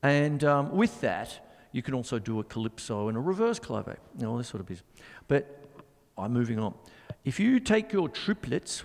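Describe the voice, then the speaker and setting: A man's voice: mid-range voice, big pitch swings, moderate pace, creaky, hardly any pauses, darkish tone, long reverb tail, faint music behind. A middle-aged man hosting a live drum show, chatting in a rambling way and scatting drum rhythms. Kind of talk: casual live-stream chat and drum demonstration.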